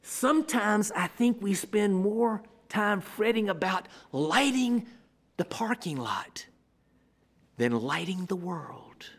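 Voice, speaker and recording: High-voiced male preacher, loud to hushed. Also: lively intonation. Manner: dramatic swings from loud declarations to hushed near-whispers; rhetorical repetition, measured preaching cadence. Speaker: pastor. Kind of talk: sermon.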